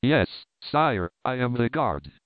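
Man voicing a scared traitor knight, pleading, smooth voice, phone-like audio. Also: mid-range voice, very animated, takes it slowly, dry recording. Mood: defensive. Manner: pleading, defensive. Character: frightened treacherous Italian man knight. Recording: tinny narrow-band dry recording.

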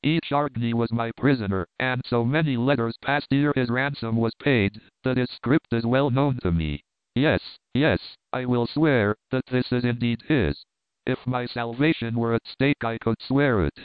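Loyal medieval knight, grave and measured, read by a man; dry, tinny audio. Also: mid-range voice, clean tone, no room sound, lightly acted. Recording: tinny narrow-band dry recording.

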